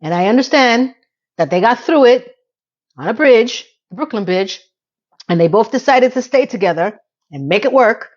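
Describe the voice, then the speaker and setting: A woman's voice: a little high, expressive, moderate pace, lo-fi sound. A middle-aged woman hosting a casual TV recap, talking in a candid, chatty and blunt way. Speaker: TV recap host.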